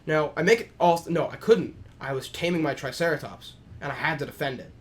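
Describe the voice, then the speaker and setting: A man co-hosting a casual gaming podcast, telling stories in an animated way with a lot of swearing. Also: on the high side, fairly quick. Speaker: podcast co-host.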